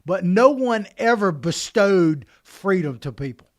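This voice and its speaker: A man co-hosting a political podcast, talking emphatically in an animated way. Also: high-pitched. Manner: animated, emphatic, quick restarts. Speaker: podcast co-host.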